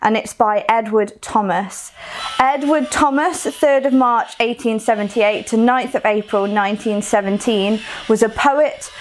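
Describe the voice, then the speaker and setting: A poetry workshop leader from Coventry, England, speaks with a Coventry English accent in a fairly high-pitched voice. She explains chattily in a recorded lesson, using fillers and restarts, with slight background noise.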